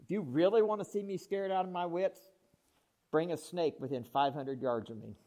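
A man preaching a sermon, dramatic and humorous, swinging from hushed asides to loud excited outbursts as he acts out Bible characters. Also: on the high side, normal speed. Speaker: pastor.

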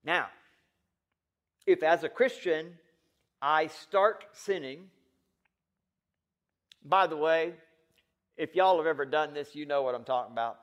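A male pastor delivering a sermon, swinging from low, quiet lines to loud, pressing ones and putting questions straight to the congregation. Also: slow, long pauses.

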